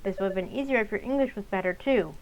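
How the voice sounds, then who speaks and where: A woman voicing a sharp-tongued, exasperated teenage girl who lectures her parents. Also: mid-range voice, fast talker, dull audio, slight background noise, lightly acted. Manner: impatient, lecturing.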